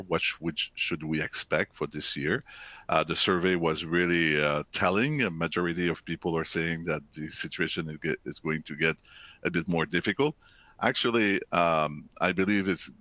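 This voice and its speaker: Deep-voiced economist with many fillers. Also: male voice, sharp tone, no room sound, highs cut off. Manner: hesitant, many "uh" fillers, explanatory. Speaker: chief economist, guest speaker. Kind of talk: presentation.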